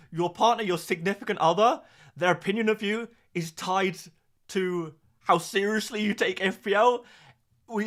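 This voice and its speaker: A man's voice: on the high side, a bit bright. A young man hosting a live fantasy football stream, talking casually in a rambling, sarcastic way.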